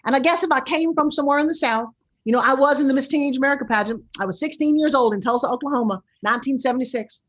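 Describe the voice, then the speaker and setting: A woman's voice: sits high, racing. Brash New York woman hosting a show. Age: 60s. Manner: loud, brash and animated. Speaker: show host. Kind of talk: casual talk-show monologue.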